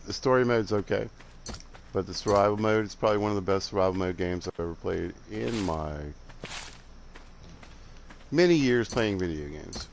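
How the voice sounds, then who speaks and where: An older man with a Southern accent, softened by years in the Midwest, rambles in a laid-back way as he plays a game. His voice sits low, and faint noise runs under it. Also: moderate pace, creaky, pauses often. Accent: Southern US with some Midwestern. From Alabama, southern United States. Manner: rambling, laid-back, chuckling, drifts off while building. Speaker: game streamer. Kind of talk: casual chat while playing.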